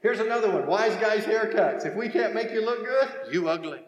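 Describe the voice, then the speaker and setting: A man's voice: high-pitched, brisk, highs cut off. A man, a guest speaker at a church, telling funny stories with slides and acting out the voices in his punchlines. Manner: animated storytelling with quoted voices and punchlines. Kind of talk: comedic talk with slides. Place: large church sanctuary. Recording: echoey hall, faint noise.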